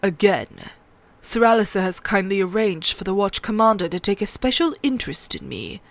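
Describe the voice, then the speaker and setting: An earnest, somber young watchman speaks quietly and plainly, as a woman reads his lines aloud. His voice sits at a middling pitch and stays low-key. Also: animated, moderate pace, vocal fry, no echo. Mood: wry. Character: earnest, somber young male sworn brother.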